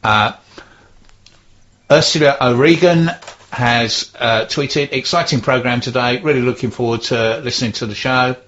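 A man's voice: mid-range voice, fairly even intonation, normal speed, a bit bright, slight background noise. A man hosting a radio show, reading listener messages with dry, wry banter. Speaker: radio host. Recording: dull lo-fi radio sound.

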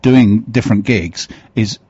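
A man hosting an interview, speaking with a fairly low, slightly raspy voice. He pauses and hesitates often as he frames his questions, and the recording is dry and somewhat muffled. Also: darkish tone, no echo. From United Kingdom. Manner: thoughtful, hesitant, with many fillers. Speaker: interview host. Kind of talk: conversational interview.

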